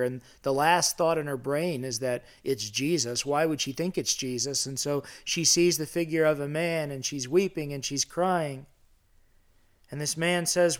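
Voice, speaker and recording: A middle-aged man preaching a sermon in a church sanctuary. He talks conversationally, asks his listeners questions and builds in intensity. His voice sits slightly high for a man. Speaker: pastor.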